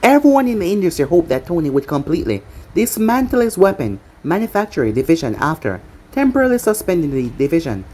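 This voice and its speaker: A woman narrating a story aloud in a plain, steady reading style. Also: on the low side, fast talker, slightly rough. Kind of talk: storybook narration of fan fiction.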